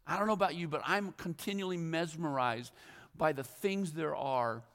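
A man's voice: fairly high pitch, normal speed, a bit bright. A male pastor preaching a sermon in a rambling, self-deprecating storytelling way, full of fillers and restarts. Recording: long reverb of a large hall.

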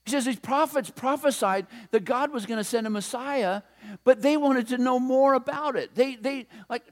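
A male pastor giving a sermon in a conversational, animated storytelling way, with playful asides. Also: very high-pitched, normal speed.

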